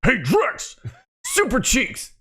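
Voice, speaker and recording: A man's voice: very high-pitched, huge pitch swings, slow pace, fairly bright tone, breathy edge, pitched above the performer's own voice, exaggerated voice. A man putting on a crude woman's voice to croon a love song as a joke. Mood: leering.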